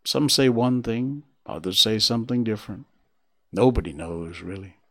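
A man voicing a gentle, reassuring male oak leaf in a storybook reading, speaking softly and tenderly. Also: on the low side, normal speed. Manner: soft, tender, calming.

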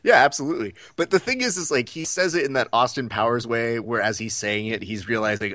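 A man co-hosting a podcast relates a story in a casual, lively way, acting out what each person said. He speaks fast at a medium pitch with few pauses, and there's no echo.

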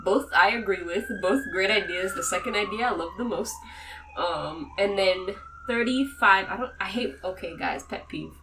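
A woman's voice: medium pitch, normal speed, bright, forceful tone, far from the mic, slight background noise, rough recording. A woman co-hosting a casual chat, reading poll figures aloud and making playful, teasing asides. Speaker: podcast co-host.

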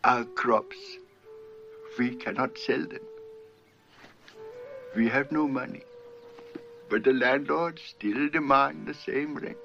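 A weary old farmer pleading. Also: male voice, medium pitch, steady tone, slow, gravelly, pauses often, pushed and bright, faint music behind, heavily acted. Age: older. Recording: muffled film soundtrack with faint score.

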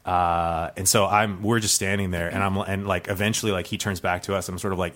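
A man with a low voice tells a true story as a guest on a comedy podcast. He rambles, piles on fillers and restarts, and keeps laughing at his own tale. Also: little pitch movement, brisk, few pauses, a bit bright.

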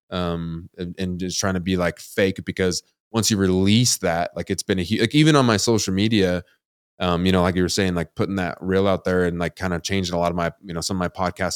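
A man's voice: low voice, clear, resonant tone, dry recording, clean studio sound. A man hosting a podcast, talking candidly and rambling, with many fillers like "like" and "you know". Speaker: podcast host. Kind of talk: casual podcast interview.

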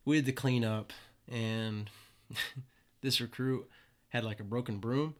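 A man's voice: mid-range voice, fairly even intonation, takes it slowly, fairly bright tone. A man in his twenties telling casual stories, loose and profane, often laughing at his own tales. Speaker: guest. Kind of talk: casual storytelling.

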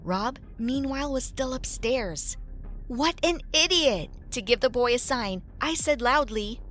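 A young woman narrating a first-person story in a lively, expressive way. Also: fairly high pitch, a little slow, soft background music.

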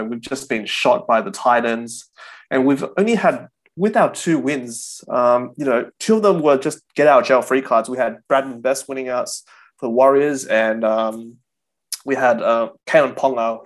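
A man in his twenties with an Australian accent, co-hosting a casual sports chat and talking as a frustrated, sighing fan. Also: medium pitch. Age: 20s. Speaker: co-host.

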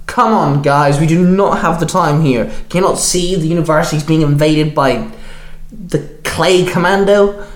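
A man's voice: medium pitch, normal speed, echoey room, natural voice. A man voicing a quippy young male superhero, barking urgent lines.

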